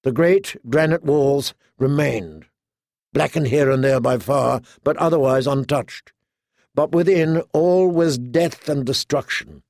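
Gravelly male fantasy audiobook narrator. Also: medium pitch, a little mellow, no echo, clean studio sound. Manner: measured storytelling.

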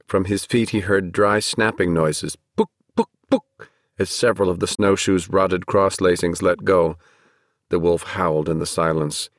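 A man narrating a fantasy novel at a measured, steady pace. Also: deep voice, no room sound, studio quality. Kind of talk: audiobook narration.

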